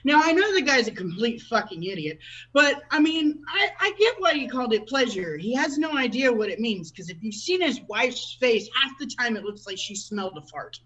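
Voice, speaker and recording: A woman tells crude, foul-mouthed stand-up stories at a bright, forceful pitch, mocking herself as she goes. The sound is a bit dull and lo-fi, like a stream. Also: very animated, moderate pace. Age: adult with a child. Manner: crude, profane, self-deprecating storytelling. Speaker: stand-up comedian. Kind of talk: stand-up set at an online open mic.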